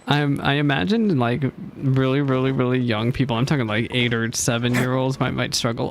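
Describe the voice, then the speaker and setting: Gravelly man reacting to a game. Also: medium pitch, steady tone, a little fast, few pauses. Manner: chatty, joking, easily flustered. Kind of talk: casual reaction commentary.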